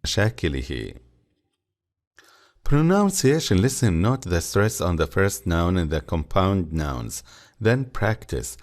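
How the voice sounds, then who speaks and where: Deep-voiced man teaching a lesson. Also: very animated. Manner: reads English slowly, explains in Arabic. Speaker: English teacher. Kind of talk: bilingual textbook lesson.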